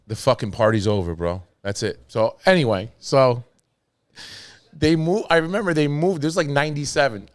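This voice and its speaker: A man telling wild stories on a podcast in a loose, profane, animated way. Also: medium pitch. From New York. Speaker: podcast host. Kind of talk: casual storytelling.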